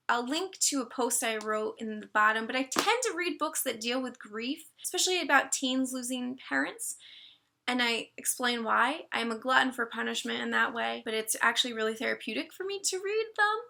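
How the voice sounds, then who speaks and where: High bright chatty woman reviewing books. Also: vocal fry. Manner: chatty, gushing, emotional. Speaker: book vlogger. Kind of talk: casual book review chat.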